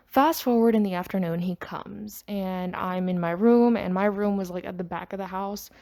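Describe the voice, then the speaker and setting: A woman's voice: medium pitch, fairly quick, few pauses, mellow. A woman hosting a podcast, telling a personal story in a rambling, chatty way. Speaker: podcast host. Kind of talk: casual storytime monologue.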